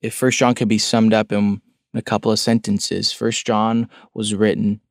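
A man's voice: on the low side, flat delivery, moderate pace, dry recording, clean studio sound. A man preaching a sermon in an earnest, questioning way, repeating words for emphasis. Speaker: pastor.

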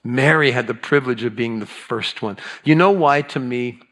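A man's voice: mid-range voice, normal speed, fairly bright tone. A middle-aged man preaching a chatty sermon, telling stories with playful asides and drawing the congregation in. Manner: chatty storytelling with playful asides and audience prompts. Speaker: pastor. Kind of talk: conversational sermon.

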